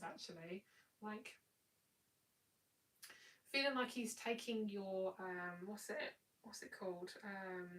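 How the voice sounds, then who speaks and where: A woman's voice: mid-range voice, recorded from a distance, low-quality recording. A tired woman giving a live tarot reading in a chatty, rambling, affectionate way. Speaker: tarot reader.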